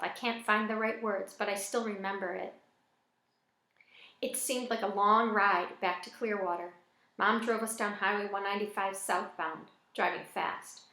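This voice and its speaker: A woman reading a first-person novel aloud in a plain, even storytelling manner. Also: medium pitch. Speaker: audiobook reader. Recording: echoey room.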